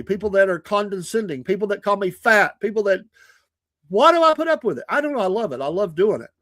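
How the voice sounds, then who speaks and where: A man hosts his own live podcast, talking earnestly and at length while often laughing at himself. His voice sits a little higher than most men's. The sound is dry and close to the mic. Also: no echo. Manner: earnest, rambling, self-deprecating, laughs often. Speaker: podcast host. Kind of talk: casual talk on a live stream.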